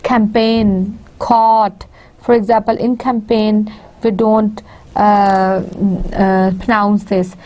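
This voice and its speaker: A woman lecturer with a Pakistani English accent, a native Urdu speaker, explaining at a steady pace with frequent fillers and restarts. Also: mid-range voice, takes it slowly. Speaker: university lecturer. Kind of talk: recorded online lecture.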